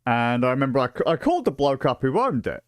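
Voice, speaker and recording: A British man in his late thirties rambles through a livestream with swearing, fillers and restarts, excitable as he tells stories. His voice sits at an ordinary middle pitch. The sound is close and dry, with no room around it. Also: quick pace, no echo. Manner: profane, excitable storytelling with many fillers. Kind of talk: casual rambling stream chat.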